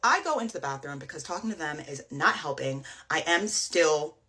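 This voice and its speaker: A woman's voice: low voice, animated, normal speed, sharp tone. A young woman telling a personal story in a casual storytime way, emotional and full of "like" fillers.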